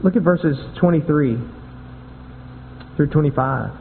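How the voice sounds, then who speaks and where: A man's voice: fairly high pitch, a little slow, vocal fry. Man, pastor, sermon, conversational, repeats words, long hall reverb, faint hum. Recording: tinny phone-like sound with long hall echo.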